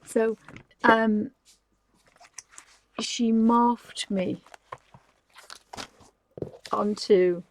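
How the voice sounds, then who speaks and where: A woman's voice: a little high, fairly even intonation, drawn-out words, long pauses, poor audio. A woman, chatting casually and giggling as she hosts a live stream. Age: 50s. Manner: chatty and giggly, rambling with restarts. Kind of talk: casual chat, showing things to camera.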